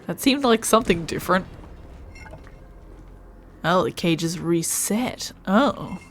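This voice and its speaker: A woman's voice: fairly low pitch, animated, takes it slowly, slight background noise. A woman streaming a video game, thinking aloud and musing to herself as she plays. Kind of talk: casual gameplay commentary.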